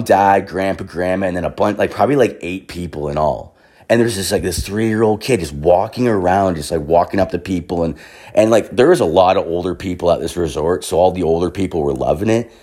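A man's voice: low-pitched, darkish tone. A young man telling a long story in a rambling, profane way, full of swearing and fillers, a bit hungover.

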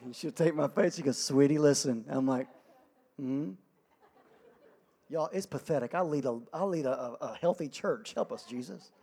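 A middle-aged man preaching a sermon, energetic, humorous and self-deprecating. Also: mid-range voice, brisk, few pauses, slightly rough. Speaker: pastor.

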